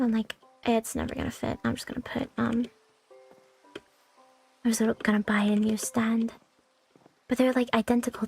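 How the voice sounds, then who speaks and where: Vocal fry and a darkish tone mark this young woman's fairly high voice as she streams from home. She chats casually, rambles, and swears freely into a new stand-mounted condenser mic, with faint music behind her.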